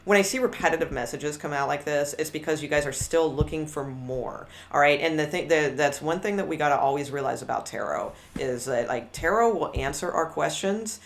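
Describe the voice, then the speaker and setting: A woman's voice: low voice, lively intonation, fairly quick, gravelly, hardly any pauses. A woman doing a live tarot reading, candid and blunt, rambling through many restarts. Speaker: tarot reader.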